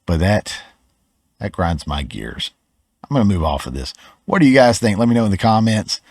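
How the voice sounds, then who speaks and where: Southern guy from georgia, lowish voice, dry mic, chatty rant w lots of restarts. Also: very animated, normal speed, a little mellow, dry recording. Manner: stammering restarts, conversational, opinionated. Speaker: podcast host. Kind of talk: opinion commentary.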